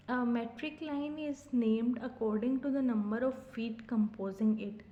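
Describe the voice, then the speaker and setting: A woman teaching an exam-prep lesson, reading definitions carefully from her notes with frequent pauses and "uh" fillers. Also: on the high side, fairly even intonation, a little hiss or hum. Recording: dull lo-fi recording.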